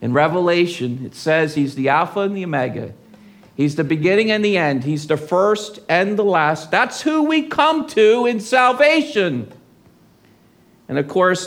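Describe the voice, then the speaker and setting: A pastor preaching a sermon in church, reading scripture and rising loud and intense on key lines. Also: male voice, on the high side. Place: church service.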